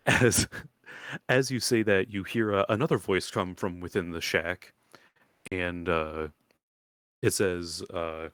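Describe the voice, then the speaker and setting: A man narrates a tabletop game as game master for a live stream. His voice is deep, and he keeps pausing on fillers and restarts. The sound is dry and close. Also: fairly even intonation, a bit bright, no echo. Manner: halting narration full of uh and restarts.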